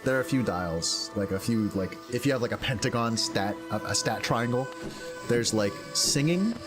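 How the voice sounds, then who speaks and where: A man's voice: medium pitch, animated, moderate pace. A man streaming a game, chatting casually and rambling with lots of fillers. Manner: rambling, filler-heavy, thinks aloud. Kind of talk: casual gameplay commentary. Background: game music.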